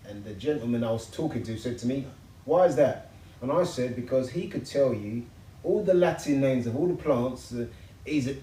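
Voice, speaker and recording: A man telling lively, slangy stories about his life in a casual interview. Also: mid-range voice, recorded from a distance, a little hiss or hum. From England. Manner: lively storyteller, slangy and upbeat. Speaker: interview guest, builder and TV personality. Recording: echoey room.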